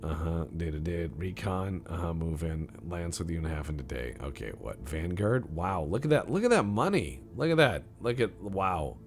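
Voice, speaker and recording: A man's voice: low-pitched, animated, moderate pace, few pauses. A man streaming a game and talking casually, rambling in a joking, mock-serious way.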